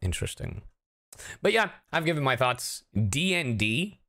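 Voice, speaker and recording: A man who is a voice actor chatting casually with his livestream chat, animated and talkative, laughing often. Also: mid-range voice, measured pace. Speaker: voice actor streaming a reaction.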